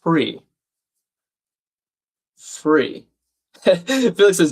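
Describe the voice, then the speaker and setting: A man's voice: mid-range voice, animated, moderate pace. A man hosting a live crossword stream, thinking aloud, reading out viewers' chat comments and laughing often.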